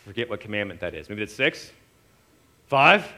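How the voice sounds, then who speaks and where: A man's voice: lowish voice, moderate pace. A man preaching a casual, conversational sermon, often acting out quoted voices. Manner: animated, conversational, acts out voices.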